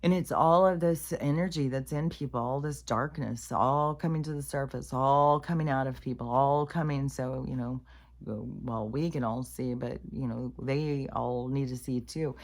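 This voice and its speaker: A woman's voice: a bass voice, fairly even intonation, moderate pace. A woman giving a casual spiritual monologue to camera in a blunt, profane, rambling way. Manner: plain-spoken, calls herself raunchy. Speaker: spiritual vlogger.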